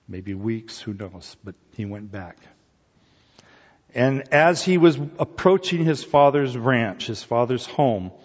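A man preaching a sermon, retelling a parable with lively storytelling and acting out the figures' voices with rising excitement. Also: mid-range voice, in a large hall, dull audio.

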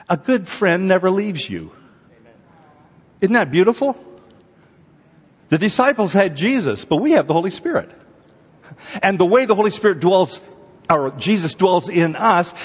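A man preaching a sermon in a church, lively and conversational, who teases and prods his congregation as he goes. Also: sits high, unhurried, long pauses, slightly rough. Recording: echoey hall, dull sound.

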